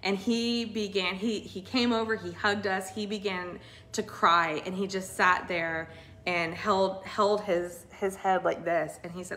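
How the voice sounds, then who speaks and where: A woman's voice: mid-range voice, a little slow. A woman in her thirties telling a personal faith testimony in casual, earnest, emotional storytelling. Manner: emotional, earnest, animated retelling. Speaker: co-host sharing a testimony.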